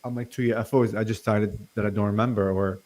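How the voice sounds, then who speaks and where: Man, 40s, from Lebanon; interview guest; halting, stuttering delivery full of fillers. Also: on the low side, steady tone, darkish tone. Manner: stutters, many fillers and restarts. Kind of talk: casual interview talk.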